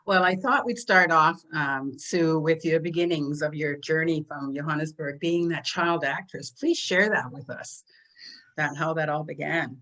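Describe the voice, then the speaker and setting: A woman co-hosting an online business presentation, introducing a guest warmly and getting emotional, over a video call. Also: low-pitched, measured pace, low-quality recording. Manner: warm and emotional, chokes up.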